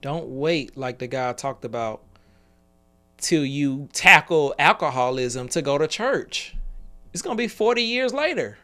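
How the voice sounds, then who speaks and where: A man's voice: fairly high pitch, expressive, a little slow, bright, forceful tone. A man in his forties giving an earnest motivational talk on a live call, telling stories and laughing between points. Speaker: business speaker.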